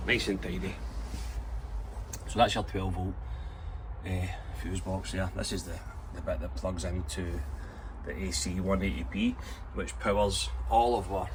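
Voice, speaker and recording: A man's voice: low-pitched, background noise. A Scottish man chatting casually as he explains his work inside a van he is converting. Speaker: vlogger building a campervan. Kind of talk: casual walkthrough vlog.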